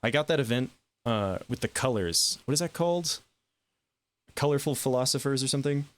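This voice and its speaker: A man streaming a video game, chatting casually about his plays with self-amused asides and quick reactions. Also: mid-range voice, animated. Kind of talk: casual gameplay commentary.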